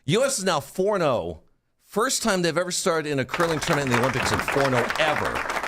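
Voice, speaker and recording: A man's voice: a little high, sing-song, fast talker, a loud crowd, very noisy. A man chatting as a guest in a radio studio, eagerly explaining a sport and stumbling over his first words. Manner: enthusiastic, explanatory, repeats words when starting. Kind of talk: casual studio chat.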